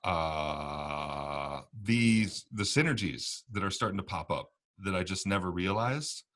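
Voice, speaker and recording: A man's voice: sits low, animated, takes it slowly, a bit bright. A man co-hosting a podcast, talking about a card game in a rambling, casual way and often laughing. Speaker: podcast co-host.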